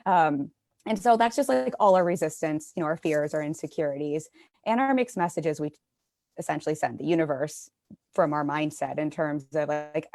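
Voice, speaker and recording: Low gravelly woman hosting a chat. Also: moderate pace, a little mellow, no room sound. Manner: chatty, self-deprecating, swears casually. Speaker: live stream host. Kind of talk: casual conversational interview. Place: live stream from home.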